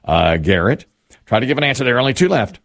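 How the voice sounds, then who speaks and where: A man's voice: mid-range voice, fast talker, gravelly. A man hosting a quiz game, reading answers and joking with the players. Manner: lively, joking, animated. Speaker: game show host.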